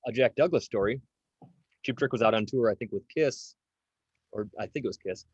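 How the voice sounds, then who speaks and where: A man's voice: mid-range voice, fairly quick, darkish tone, slightly rough, dry recording, lo-fi sound. A man in his forties, a drummer interviewed as a guest, talking casually with lots of fillers and restarts. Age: 40s. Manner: rambling, many fillers and restarts.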